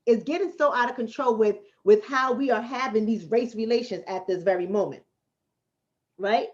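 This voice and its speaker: On the high side and a little mellow, this woman speaks at normal speed over lo-fi sound. A livestream host and relationship coach from the Bronx, New York City, she fields her chat casually in a blunt, streetwise way, repeating points for emphasis.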